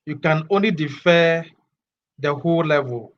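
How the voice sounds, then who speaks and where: A man answers audience questions over a dull, lo-fi call line, his voice sitting a touch high for a man. He talks hesitantly, with lots of "uh" and occasional chuckles. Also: a little slow. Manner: hesitant, many uh fillers, chuckles while answering. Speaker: exam official answering questions. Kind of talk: webinar Q&A answers.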